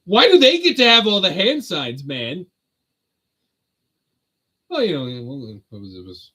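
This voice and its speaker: A man's voice: high-pitched, sing-song, a little slow, long pauses, bright, forceful tone, slightly rough, poor audio. Wry man giving a casual bible talk. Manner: joking, sardonic asides. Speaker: host of a Bible teaching channel. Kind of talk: casual on-camera religious teaching.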